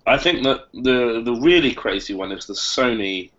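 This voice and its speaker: A man's voice: mid-range voice, expressive, moderate pace, fairly bright tone. A man with a mid-range voice argues his point bluntly in a panel discussion, casual and swearing freely. The recording sounds dull and lo-fi. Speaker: Wikipedia editor. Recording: muffled lo-fi audio.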